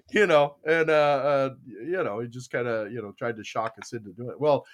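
An older man hosting a podcast, telling stories in casual chat, animated and laughing, acting out other people's voices. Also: medium pitch, normal speed, slight background noise. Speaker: podcast host.

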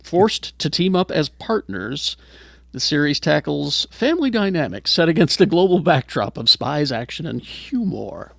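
A man's voice: fairly high pitch, big pitch swings, normal speed, vocal fry, no room sound. A man hosting a casual entertainment podcast, reading news items with lots of fillers. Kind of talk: casual chat.

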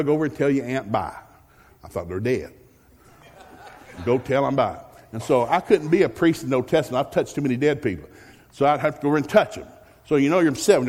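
A male pastor preaching a folksy, joking sermon with animated storytelling. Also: mid-range voice. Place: church sanctuary. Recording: long reverb of a large hall.

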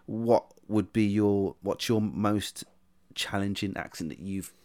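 A man's voice: lowish voice, slow pace, a little mellow. A man from the UK hosting a casual podcast, talking hesitantly with many stammers and restarts. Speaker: podcast host.

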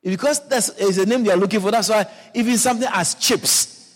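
A man preaching a sermon as a pastor. He talks in a playful, animated way and often repeats words and adds asides. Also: high voice, a little fast, long reverb tail.

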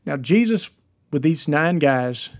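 A man's voice: a little high, lively intonation, slow, darkish tone. A man, hosting a devotional podcast and telling a story in an earnest, encouraging way. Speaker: podcast host.

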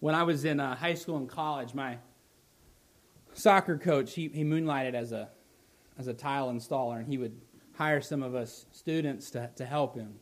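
A male pastor preaching a sermon, building to loud emphatic lines, then dropping soft and slow. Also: medium pitch.

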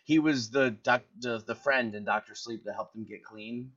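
Bright-voiced man in casual movie chat. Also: medium pitch, moderate pace, dull audio. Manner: rambling, searches for names with fillers. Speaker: podcast co-host.

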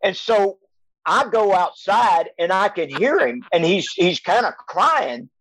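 A man's voice: high-pitched, animated, a bit bright, a little hiss or hum, rough recording. Older man telling a coaching story. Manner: halting, repeats words, chuckles as he tells. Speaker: retired coach and father. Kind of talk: storytelling on a casual podcast. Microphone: video call.

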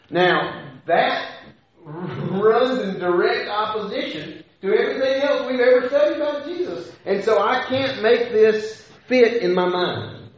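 A man's voice: high-pitched, measured pace. A man preaching a sermon, talking conversationally with rhetorical questions and frequent restarts. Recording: echoey hall, dull lo-fi sound.

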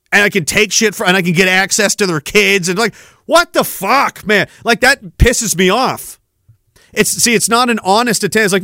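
A man's voice: extremely high pitch, bright, forceful tone, no echo, clean studio sound. A man hosting a podcast, delivering a heated, profane rant full of emphatic repetition. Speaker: podcast host. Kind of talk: angry political rant.

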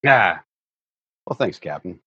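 A man chats and jokes casually as a player at a tabletop game. His voice is husky, and the recording sounds dull and dead dry. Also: low-pitched, lively intonation, takes it slowly, bright, forceful tone, no room sound.

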